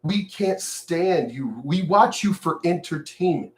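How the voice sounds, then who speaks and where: A man's voice: fairly high pitch, expressive, slow pace. An older, retired man who vlogs, ranting to camera in a profane, sneering, mocking way. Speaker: vlogger. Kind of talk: angry direct-to-camera rant.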